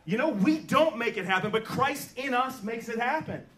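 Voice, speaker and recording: High-voiced preacher man in an echoey sanctuary. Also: moderate pace. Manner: energetic call-and-response preaching. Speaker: pastor. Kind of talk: sermon. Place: church sanctuary. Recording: roomy church room, mic at a distance.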